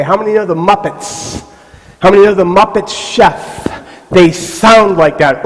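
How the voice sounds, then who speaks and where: Animated high-voiced man in a reverberant hall. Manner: animated storytelling with voiced asides. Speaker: motivational speaker. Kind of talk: live motivational talk to a youth camp. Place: large hall with live audience. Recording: stage mic in a reverberant hall.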